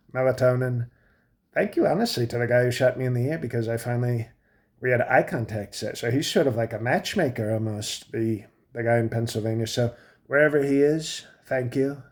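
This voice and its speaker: A man's voice: mid-range voice, a little mellow, lightly acted. A man playing a boastful older male president in his late seventies, who rambles, trails off and restarts his sentences in a comic monologue.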